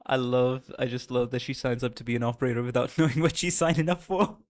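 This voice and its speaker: A man's voice: medium pitch, steady tone, moderate pace. A young man streaming, chatting casually with his viewers, playful and often laughing. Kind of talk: casual live-stream reaction chat. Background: faint music.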